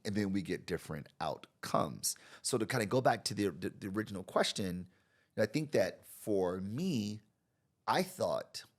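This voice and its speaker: American guy, low-ish voice, super animated, slips into characters when he tells a story. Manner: animated, acts out quoted people with big jumps in voice. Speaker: podcast guest, marketing expert. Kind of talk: conversational interview storytelling.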